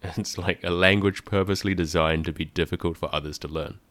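A man hosting a podcast, explaining a language in a clear, methodical way with dry asides. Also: low-pitched, fairly even intonation, brisk, fairly bright tone, no room sound. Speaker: podcast host teaching about a language.

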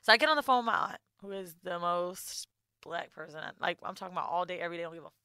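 A young woman co-hosts a casual podcast and tells her story with raw emotion, often acting out the people she quotes. Her voice sits a little low and sounds bright and forceful. The recording is dry and close. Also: fast talker, smooth, no room sound. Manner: emotional storytelling, swearing, quoting others. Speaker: podcast co-host. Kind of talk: candid casual chat.

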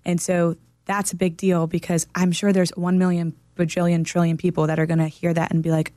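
A woman's voice: fairly low pitch, level tone, a little fast, hardly any pauses, dark tone, dry recording. A woman co-hosting a casual talk show, telling a story in an earnest, emphatic way. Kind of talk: casual podcast chat.

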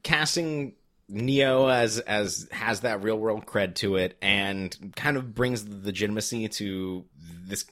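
Bright-toned man analyzing casually. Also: lowish voice, takes it slowly. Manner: talkative, restarts, analytical. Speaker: podcast co-host. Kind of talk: casual chat.

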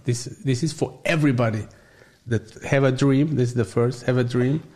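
A gym owner whose first language is Hungarian speaks English with a Hungarian accent as an interview guest, often halting and searching for words. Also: male voice, mid-range voice, steady tone, darkish tone.

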